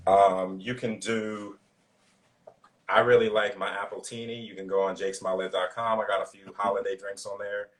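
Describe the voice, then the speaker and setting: Male guest, lowish voice, laid-back chat over a video call, filler-heavy. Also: normal speed, distant mic. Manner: relaxed, loose, filler-heavy talk. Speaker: guest cook. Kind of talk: casual interview chat.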